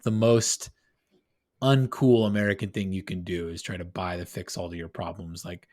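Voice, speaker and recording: A man co-hosting a podcast in casual chat, animated and rambling, often poking fun at himself. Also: sits low, moderate pace. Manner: animated, rambling, self-deprecating. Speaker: podcast co-host.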